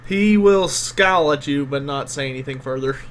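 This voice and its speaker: A man's voice: a little high, normal speed, a little hiss or hum. A man narrating as game master in a tabletop role-playing game, casual with many fillers.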